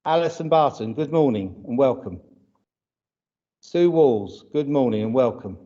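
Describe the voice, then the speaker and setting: This church service leader speaks with a British accent in a warm, medium-pitched voice, animated but unhurried. He chats and greets viewers by name on the livestream despite a runny nose from hay fever. The audio is dull and lo-fi.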